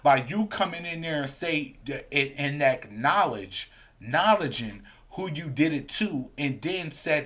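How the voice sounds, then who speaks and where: A man's voice: on the high side, lively intonation, measured pace, a bit bright. A man hosting a live sports fan stream, ranting heatedly and reading viewer comments aloud. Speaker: podcast host.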